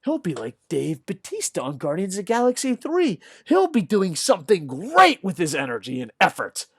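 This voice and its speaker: Animated, profane man ranting on sports news. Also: high voice, slightly rough, no room sound. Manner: mocks others with quick put-on voices. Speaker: host of a combat sports news show. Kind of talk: casual news commentary rant.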